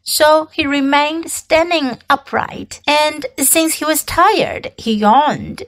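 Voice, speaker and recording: Woman, teacher, storybook narration, high voice, animated intonation, slow. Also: rough recording. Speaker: English teacher.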